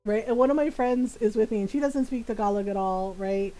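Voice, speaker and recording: Woman streamer with a high voice; animated, casual storyteller who laughs often. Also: fairly quick, faint music behind.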